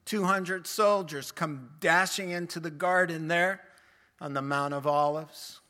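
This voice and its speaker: A man preaching a sermon, telling Bible stories with lively acted quotes and laughing along the way. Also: a little high, a little slow.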